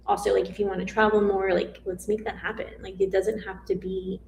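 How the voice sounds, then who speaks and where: A woman's voice: medium pitch, flat delivery, fairly quick, creaky, a little mellow, slight background noise. A woman life coach and mother, talking in a casual, reflective way about her family. She rambles, trails off and restarts her sentences. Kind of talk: casual reflective live-stream chat. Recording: roomy echo.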